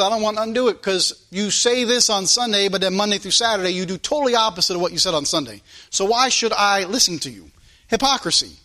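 Male preacher, high bright voice, church sermon that swings between loud and quiet. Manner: preaching with sudden rises and drops in loudness. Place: church service.

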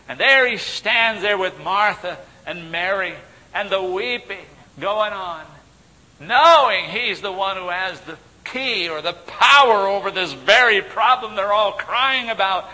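A man preaching a sermon, emphatic, his delivery swinging from loud declarations to hushed asides. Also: expressive, a little slow. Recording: long reverb with faint low rumble.

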